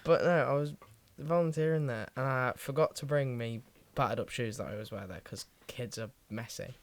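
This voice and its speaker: A man's voice: medium pitch, fairly quick, no room sound. A young man trading jokey banter with a bit of swearing and frequent laughs. The sound is dry and close, with no room around it. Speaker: podcast co-host. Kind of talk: casual banter.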